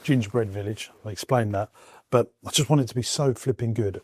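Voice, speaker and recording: A man's voice: lowish voice, fairly quick, husky, dry recording. A man, an entrepreneur chatting to viewers as he walks around his farm and warehouses, enthusiastic and casual. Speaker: entrepreneur vlogger. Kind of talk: walk-and-talk vlog.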